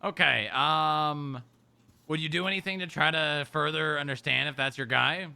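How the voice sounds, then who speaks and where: A man's voice: fairly high pitch, normal speed, gravelly, pushed and bright, clean tone. A man running a roleplay scene, narrating what happens and asking questions in a teasing, matter-of-fact way.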